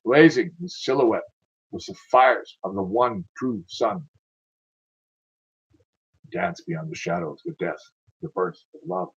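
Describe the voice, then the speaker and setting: Husky low-voiced man reading poetry. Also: sing-song, slow pace, long pauses, lo-fi sound. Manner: dramatic, declaiming recitation. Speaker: poet reading his own work. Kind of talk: poetry reading with chatty asides.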